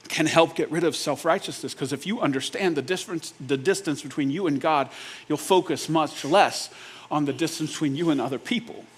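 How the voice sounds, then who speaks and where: A male pastor preaching a sermon in a casual, joking, conversational way, often checking in with the congregation with quick questions. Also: fairly high pitch, husky. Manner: asks the audience rhetorical check-ins.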